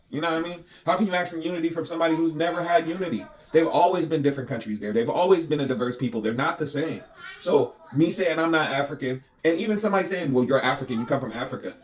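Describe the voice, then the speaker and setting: A young American man in a casual, heated, profane monologue, speaking in quick bursts. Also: medium pitch. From United States. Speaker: vlogger.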